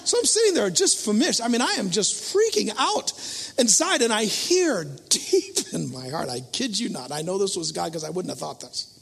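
Animated, high-voiced male preacher. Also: moderate pace, gravelly, husky, in a large hall. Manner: animated, self-mocking, acts out his own thoughts in loud voices. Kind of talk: storytelling sermon.

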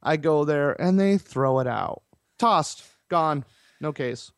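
Rambling, somewhat high-voiced male storyteller. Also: takes it slowly, no echo, studio quality. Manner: rambling, filler-heavy, animated retelling. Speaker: podcast guest. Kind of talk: casual storytelling.

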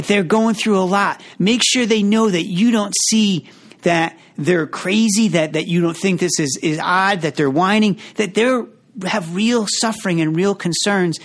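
A man who works as a surgeon, explaining a communication method in a measured, earnest way. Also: sits high. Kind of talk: teaching conversation.

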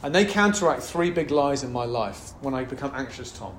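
A man's voice: medium pitch, animated, fairly quick, a little hiss or hum. A man preaching a sermon as pastor, talking in a passionate, conversational way with frequent asides to the congregation. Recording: roomy echo.

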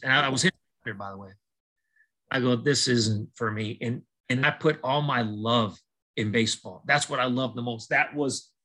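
A man's voice: medium pitch, poor audio. A middle-aged man, a baseball coach, telling his life story as a podcast guest and acting out the dialogue as he goes. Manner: animated storyteller acting out dialogue, many restarts. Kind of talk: storytelling interview testimony.

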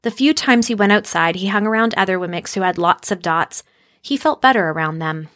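A woman narrating a children's storybook aloud in an expressive storytelling manner. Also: mid-range voice, a little fast, no room sound, studio quality.

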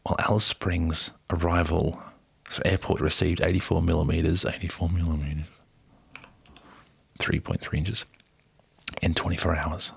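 A man casually reading a news article aloud in a soft, unhurried voice, often half-whispering and chatting in between. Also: sits low, level tone, vocal fry, husky. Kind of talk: casual read-aloud with asides.

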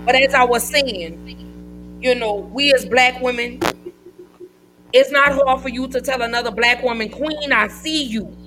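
Woman hosting a live podcast, gushing and warm-hearted, kinda high pitched. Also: music in the background, rough recording. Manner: effusive, affectionate, drawn-out phrasing. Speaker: podcast host. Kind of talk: casual live podcast chat.

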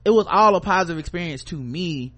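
Animated storytelling podcast host, man. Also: high-pitched, fast. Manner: animated, acts out coworkers in quoted voices, swears freely. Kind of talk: casual conversational storytelling.

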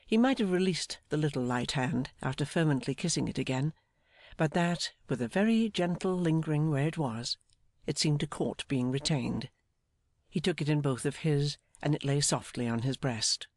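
A man narrating a classic novel as an audiobook, in a measured, earnest storytelling manner. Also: on the high side, lively intonation, no echo, studio quality.

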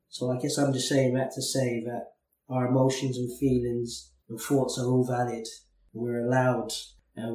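A man's voice: mid-range voice, a little mellow, far from the mic. A man in his thirties hosting a podcast, telling personal stories in an earnest, thoughtful way and sometimes repeating words as he thinks. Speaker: podcast host. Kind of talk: reflective conversational storytelling. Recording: roomy sound, a little off-mic.

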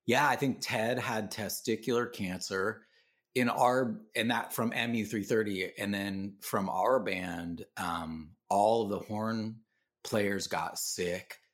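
A man with a lowish voice who talks slowly, chatting loosely as a guest on a podcast. He drops casual swears and hands the story off to a bandmate. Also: fairly bright tone. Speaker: band member guest. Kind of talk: casual chat.

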